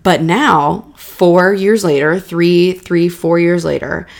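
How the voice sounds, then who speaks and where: A woman's voice: lowish voice, steady tone, slow pace, vocal fry. A young adult woman hosting a solo podcast, telling a personal story candidly and repeating words for emphasis. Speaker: podcast host.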